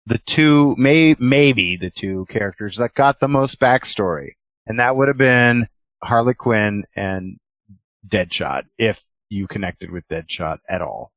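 A man co-hosting a podcast in casual chat, joking and quick to laugh. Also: lowish voice, no room sound, muffled recording. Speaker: podcast co-host.

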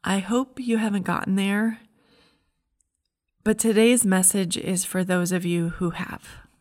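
A woman's voice: medium pitch, steady tone, a little slow, a little mellow. A middle-aged woman giving a heartfelt, earnest devotional message as a Christian speaker.

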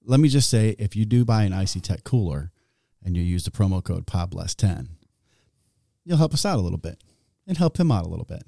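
A man co-hosting a podcast in casual chat, wry and teasing with quick asides. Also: low voice, expressive, gravelly, warm tone, dry recording, studio quality. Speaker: podcast co-host.

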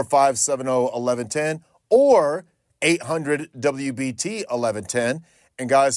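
A man's voice: medium pitch, dry recording, studio quality. Opinionated talk radio host, man. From North Carolina. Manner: conversational, repeats himself, opinionated. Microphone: studio microphone.

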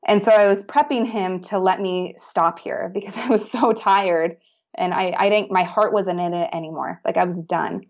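A woman's voice: lowish voice, fairly even intonation, normal speed, dull audio. A woman guest telling a personal story in a casual, chatty way, with many fillers and restarts. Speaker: podcast guest.

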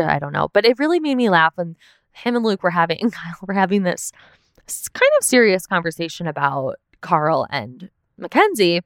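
This young woman's voice sits low and sounds smooth and clear. She chats loosely, keeps saying "like" and swears now and then. It is close and dry, with no room sound. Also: a bit bright, dry recording. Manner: chatty, peppered with "like", swearing. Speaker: podcast host. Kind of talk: casual recap chat.

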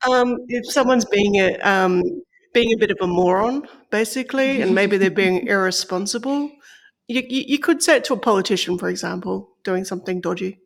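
A woman's voice: medium pitch, fairly quick. An Australian woman co-hosting a tech podcast, chatty and loose as she thinks aloud. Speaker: podcast co-host, tech reporter. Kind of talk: casual podcast chat.

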